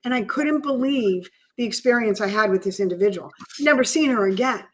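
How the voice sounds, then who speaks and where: A woman co-hosting a podcast shares a personal story during casual chat, speaking earnestly and with emotion. Her voice is on the high side and fairly quick, and the recording quality is rough.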